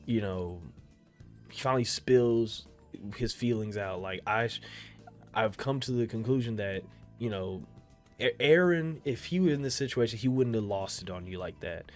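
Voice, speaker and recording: A young man chats casually about an anime episode, rambling, swearing, and repeating himself, and his voice jumps suddenly loud and high when he gets worked up. He talks a little slowly, with faint music in the background. He's a creator of anime reaction videos.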